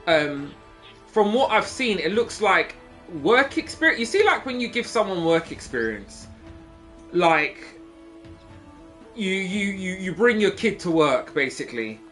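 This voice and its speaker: A man's voice: high voice, big pitch swings, a little slow, fairly bright tone, soft background music. A man in his thirties, a gaming streamer rambling through a gossipy story and teasing his chat. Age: 30s.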